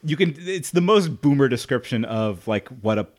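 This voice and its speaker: A man's voice: mid-range voice, animated, normal speed. A man co-hosting a podcast in casual chat, sarcastic and critical, full of "like" fillers. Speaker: podcast co-host.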